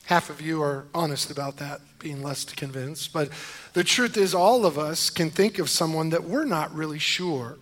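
High-voiced joking male pastor preaching. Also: normal speed. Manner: joking asides, rising to loud emphatic preaching. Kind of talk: sermon.

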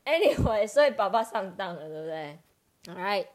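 A woman's voice: mid-range voice, sing-song, normal speed. A woman co-hosting a children's story podcast, chatty and laughing easily. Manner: chatty, switching between two languages, laughing. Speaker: podcast co-host.

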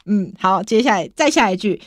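A woman's voice: mid-range voice, expressive, brisk, no room sound, studio quality. A woman hosting a bilingual podcast lesson, chatty and encouraging as she prompts her guest. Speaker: podcast host.

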